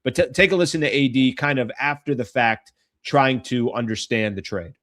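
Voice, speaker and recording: A man's voice: mid-range voice, moderate pace, fairly bright tone. Chatty man hosting a sports talk show. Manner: chatty, thinks aloud and corrects himself mid-sentence. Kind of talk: casual basketball commentary.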